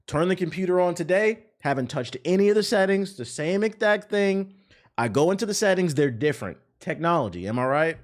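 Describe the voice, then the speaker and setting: A man's voice: high-pitched, fairly quick. A man reacting to a game trailer as a streamer, talking bluntly, with plenty of swearing. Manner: blunt, profane, excitable. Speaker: streamer and host. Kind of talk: casual reaction commentary.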